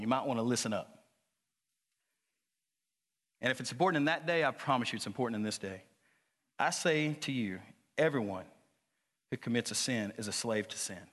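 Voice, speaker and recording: A man preaching a sermon as pastor, moving from quiet, low talk to loud, high-pitched exhortation. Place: church sanctuary. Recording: church hall reverb.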